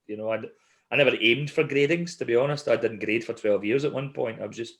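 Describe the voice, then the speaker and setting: A middle-aged man hosting a podcast, telling stories in a lively, animated way and laughing often. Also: mid-range voice, fast, creaky. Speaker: podcast host. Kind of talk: casual chat.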